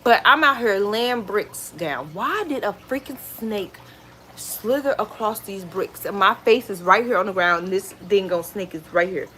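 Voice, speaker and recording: A woman vlogger chatting casually at home, retelling stories in an animated, exclaiming way. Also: mid-range voice, normal speed, slight background noise. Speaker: lifestyle vlogger. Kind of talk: casual storytelling chat.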